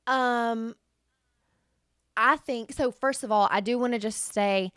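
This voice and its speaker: A woman's voice: on the high side, slow pace, fairly bright tone, smooth, no room sound, studio quality. Southern-accented woman, emphatic casual chat. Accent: Southern US, softened. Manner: emphatic, opinionated, spells words out. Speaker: podcast co-host.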